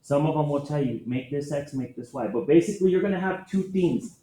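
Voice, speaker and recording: A man's voice: a little high, animated, a little fast, warm tone. A man teaching a math class, patiently explaining step by step and asking his students questions. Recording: echoey classroom with faint noise.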